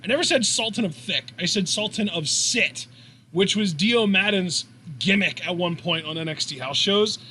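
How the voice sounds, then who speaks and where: A man co-hosting a live wrestling reaction stream, animated and jokey, calling the moves as they happen. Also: moderate pace, a little hiss or hum. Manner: animated, jokey, jumps up in pitch at big moves. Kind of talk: excited live commentary and banter.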